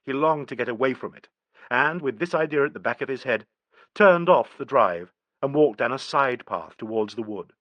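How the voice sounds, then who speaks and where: A man reads an audiobook with steady, even storytelling. His voice sits at a middle pitch. The recording is close and dry, with no room sound. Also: normal speed, no room sound, highs cut off. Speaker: audiobook narrator. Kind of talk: scripted narration.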